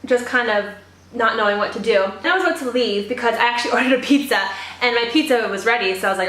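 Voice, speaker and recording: A woman's voice: a little high, fast, fairly bright tone, echoey room. A young woman from Canada chatting casually as she does her makeup for a get-ready-with-me vlog, telling stories with lots of "like". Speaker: beauty vlogger.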